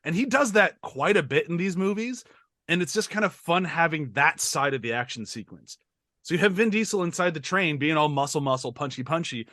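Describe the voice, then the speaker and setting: A man's voice: fairly high pitch, expressive, brisk, sharp tone, no room sound, clean studio sound. A man co-hosting a podcast, talking through a movie in a rambling, enthusiastic way with lots of fillers. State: over-caffeinated. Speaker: podcast co-host. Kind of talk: casual movie discussion.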